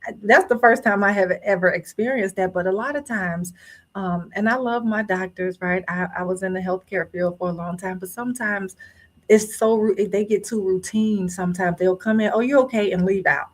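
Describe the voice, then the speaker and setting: A woman in her thirties, a guest author telling a personal story in a casual, animated way and acting out other people's lines. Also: mid-range voice, moderate pace. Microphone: phone or remote line.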